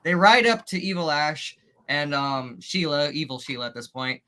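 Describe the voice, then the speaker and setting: A man's voice: on the high side, animated, moderate pace, sharp tone. A man talking as a guest on a casual online chat, chatty and laughing often.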